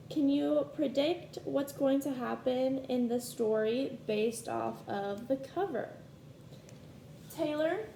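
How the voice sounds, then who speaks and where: A woman teacher reading a picture book aloud to her class in a slow, clear storytime delivery. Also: high voice, a little mellow, roomy sound, a little hiss or hum.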